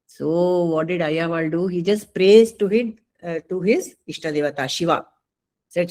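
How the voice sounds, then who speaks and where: Lady giving a talk, animated storyteller, lots of uh and you know. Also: fairly low pitch, normal speed, poor audio. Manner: animated, with many fillers and asides. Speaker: speaker.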